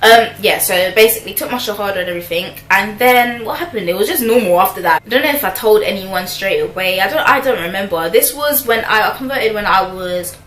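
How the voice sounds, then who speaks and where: A woman's voice: medium pitch, a little fast, hardly any pauses, fairly bright tone. Chatty young woman in an echoey room. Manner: chatty, slangy, lots of fillers and asides. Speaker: vlogger. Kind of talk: casual storytelling to camera. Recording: echoey room with faint noise.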